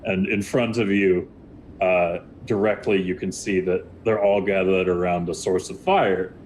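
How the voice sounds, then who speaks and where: Game master, man, very deep voice, loose rambling narration, faint hiss. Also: steady tone, a little slow, a little mellow, low-quality recording. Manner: rambling, many fillers and restarts.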